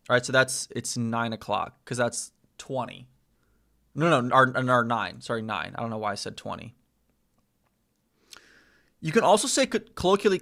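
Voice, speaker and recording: On a casual live stream, an American man studies a language, thinking out loud, repeating phrases and correcting himself. His mid-range voice is creaky with a fairly bright tone.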